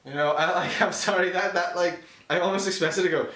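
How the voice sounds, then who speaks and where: Man, podcast co-host, rambling and sweary, slightly high voice, echoey room, a bit off-mic. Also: steady tone, fairly quick, fairly bright tone, distant mic. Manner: rambling, profane, acts out quotes in silly voices. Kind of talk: casual film review chat.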